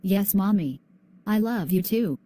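A female student voicing a young schoolgirl who is bullied, speaking softly and earnestly in a class video. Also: medium pitch, lively intonation, unhurried, natural voice. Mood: sad. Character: young bullied albino schoolgirl, sad and gentle.

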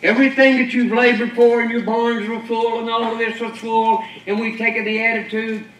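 A man's voice: extremely high pitch, little pitch movement, normal speed, a bit bright, a little hiss or hum. A pastor preaching a sermon, pressing his points with rhetorical questions and emphatic declarations to a congregation. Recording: echoey church from far off.

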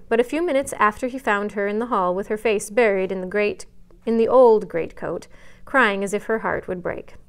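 A librarian reading a classic novel aloud at story time, gently expressive, pausing now and then for a quick aside. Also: female voice, medium pitch. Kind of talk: read-aloud storytime narration.

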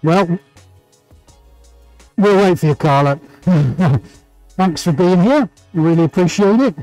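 A man's voice: high voice, slow pace, darkish tone, no echo, faint music behind, low-quality recording. Chatty man hosting a painting stream. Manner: chatty, greets viewers, laughs often. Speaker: livestream painting host. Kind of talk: live-streamed painting chat.

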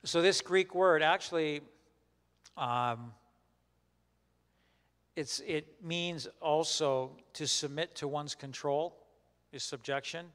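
A man leading a Bible study as a pastor, teaching in a conversational, halting way with many restarts and questions put to the group. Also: on the high side, a bit bright, in a large hall. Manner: questions the group and repeats their answers.

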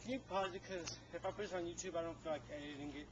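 A man's voice: fairly high pitch, steady tone, racing. A young man filming at home outdoors, teasing his friends and chatting loosely on a call, saying "dude" a lot. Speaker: person filming a home video. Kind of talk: casual home-video chatter. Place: backyard with a trampoline, outdoors. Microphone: handheld camcorder mic. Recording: muffled camcorder audio with background noise.

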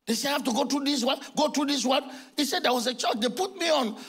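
A man in his sixties with a Nigerian accent, preaching a sermon in a church and acting out dialogue with bursts of shouting. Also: extremely high pitch, fast talker. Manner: animated storytelling, acting out dialogue, often shouting. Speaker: pastor.

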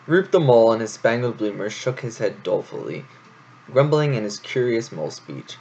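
A man's voice: medium pitch, very animated, moderate pace, darkish tone, slightly rough. A man casually reading a novel aloud and chatting about it with rambling asides, in a dull lo-fi home recording. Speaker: reader of a novel. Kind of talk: casual read-aloud storytelling.

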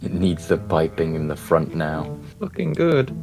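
A man's voice: extremely low pitch, very animated, measured pace, vocal fry, music in the background. A man hosting a gaming video, chatting casually, joking and laughing often. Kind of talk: casual gameplay chat.

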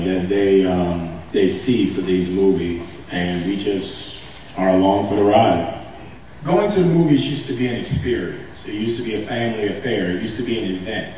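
On a panel stage in a large convention hall, an actor whose voice is on the low side tells amusing stories casually and with energy. Laughing, he acts out quotes loudly; the echoey recording has a little hiss or hum and a distant-sounding mic.

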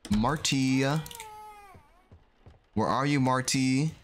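A man casually commentating a game he is playing, animated and exclaiming as he reacts. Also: mid-range voice, extremely slow, slight background noise. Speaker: gaming video host. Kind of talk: casual let's-play commentary.

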